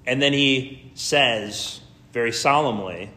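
A man's voice: mid-range voice, measured pace, fairly bright tone. A man preaching a sermon as pastor, in a casual, conversational way with slangy asides.

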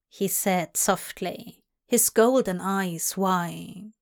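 A woman reading a story aloud in a soft, hushed voice that drifts into whispers. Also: mid-range voice, animated, slow pace. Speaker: audiobook reader. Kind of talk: narrating fan fiction aloud.

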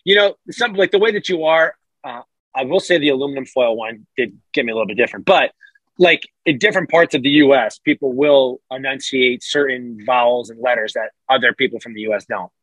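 A man's voice: medium pitch, fairly quick, no room sound, rough recording. A man with an American accent, a podcast guest chatting casually and rambling through restarts. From United States. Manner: animated, rambling with many restarts. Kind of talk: casual chat.

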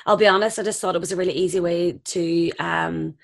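A woman's voice: on the low side, steady tone, fairly quick, creaky. Candid Northern Irish woman chatting. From Northern Ireland. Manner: candid, laughing anecdotes. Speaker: actress guest. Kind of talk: casual chat.

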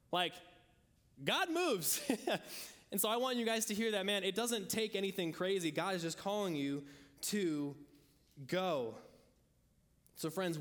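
Male pastor, high voice, chatty sermon storytelling with acted-out quotes, hall reverb. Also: a bit bright.

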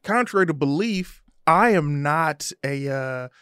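A man tells a story on a podcast, slightly high-voiced and animated, playing every part of the argument himself. The sound is dry and close, with no room around it. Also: measured pace, clean tone, dry recording. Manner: animated storyteller, acts out both sides of arguments, laughs as he talks. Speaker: podcast co-host. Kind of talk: casual storytelling chat.

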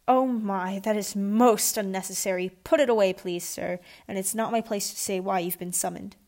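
A woman's voice: mid-range voice, fairly even intonation, normal speed, darkish tone, lightly acted. Prim male butler, clipped and formal, read by a woman. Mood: haughty. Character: stiff, proper male butler.

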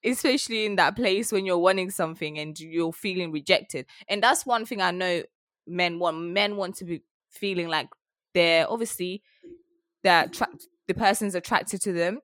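Sweary, animated young woman. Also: lowish voice, moderate pace, dry recording, studio quality. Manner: animated storytelling, frank and sweary. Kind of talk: casual chat.

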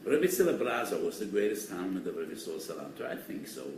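An older man giving a Torah lecture as a rabbi, animated and emphatic, mixing in Hebrew and Yiddish terms. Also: sits low, fast talker. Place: study hall. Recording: echoey hall, distant mic, faint noise.

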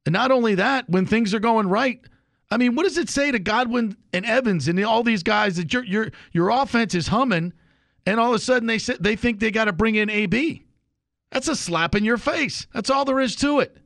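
Casting: male sports radio host, somewhat high gravelly voice, fired-up and opinionated, dry close sound. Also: normal speed, fairly bright tone, dry recording. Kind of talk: sports talk radio monologue.

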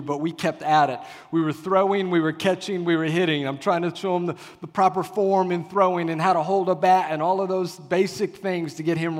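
Animated man preaching in a reverberant hall. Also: on the high side. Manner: animated storyteller acting out dialogue. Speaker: pastor. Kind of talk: sermon storytelling.

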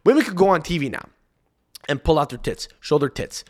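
A man's voice: on the high side, lively intonation, a little fast. Frantic, rambling, profane male podcaster. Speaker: podcast host. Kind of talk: solo podcast rant.

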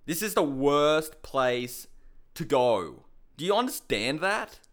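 A man's voice: a little high, sing-song, takes it slowly, fairly bright tone. A young man giving a heated, incredulous rant on fighting news, swearing often. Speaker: MMA commentator. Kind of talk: ranting commentary to camera.

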